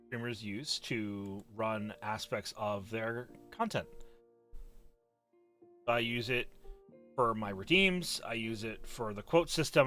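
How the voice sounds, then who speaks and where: A man's voice: medium pitch, fairly bright tone. A man hosting a casual stream, chatting loosely and stumbling over his words. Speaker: streamer host.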